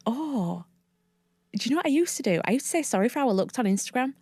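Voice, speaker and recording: A woman's voice: a little high, expressive, fast, a little mellow, husky, no echo, clean studio sound. A woman from Leeds with a broad Northern English accent, a coach chatting as a guest in a casual podcast interview, effusive and often restarting her sentences. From Leeds, England.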